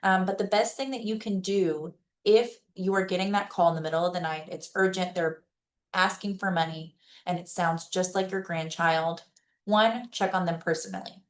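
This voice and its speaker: Woman presenter with a slightly low voice. Conversational and reassuring, like giving practical tips to a community webinar. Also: steady tone, normal speed. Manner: conversational, checks in with listeners by asking "okay?" and "right?"; gives practical advice in a plain, reassuring way. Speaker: presenter at a senior-services webinar. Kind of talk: informal educational presentation.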